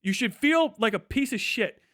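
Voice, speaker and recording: A man's voice: very high voice, animated, moderate pace, a bit bright, no room sound, studio quality. A young man who is a streamer, ranting profanely and heatedly, with mocking impressions of others. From United States. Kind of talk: ranting livestream monologue.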